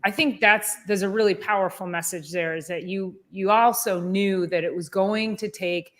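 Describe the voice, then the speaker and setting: A woman hosting a podcast interview, reflecting warmly and affirming her guest's story. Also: mid-range voice, steady tone, moderate pace. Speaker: podcast host, chiropractor. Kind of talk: casual interview chat.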